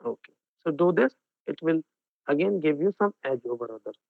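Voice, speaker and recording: Male Indian English tutor, raspy and high, mixes in Hindi, heard over a tinny, dry line. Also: expressive, fairly quick, dry recording. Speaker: exam coaching teacher. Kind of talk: online class lecture. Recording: phone-like narrow band, dry.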